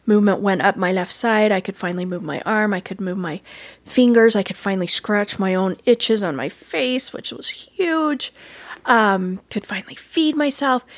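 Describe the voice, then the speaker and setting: A woman guest telling a personal story in an interview, earnest and animated, acting out quoted dialogue as she goes. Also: medium pitch, no echo.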